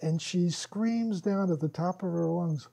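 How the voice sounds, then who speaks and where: In front of a small workshop group, a man recounts stories casually and animatedly, often laughing and playing out quoted lines. His voice sits high with vocal fry, and he keeps a measured pace.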